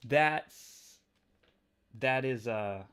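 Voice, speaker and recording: A man hosting a casual comic book review, excitable and rambling as he nerds out. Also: medium pitch, drawn-out words, clean tone. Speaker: comics video host.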